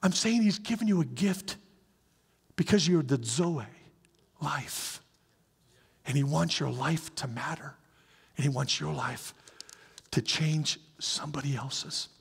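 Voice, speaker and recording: A middle-aged man preaching a sermon in a lively, conversational way, acting out little scenes as he goes. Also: on the high side, takes it slowly, creaky, long pauses, husky. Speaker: pastor. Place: church sanctuary. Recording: reverberant hall.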